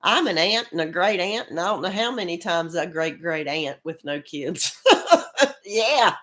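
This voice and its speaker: Coughing through a cold, a middle-aged crochet channel host with a rural American accent chats on her casual crafting stream. Her lowish, a bit bright voice is a little slow; she laughs often and welcomes viewers by name.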